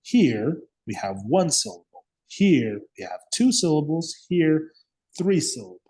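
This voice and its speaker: A man's voice: a little high, sing-song, measured pace, darkish tone, slightly rough. A man teaching an English grammar lesson, patiently repeating words and checking understanding with frequent "okay?" and "yes?".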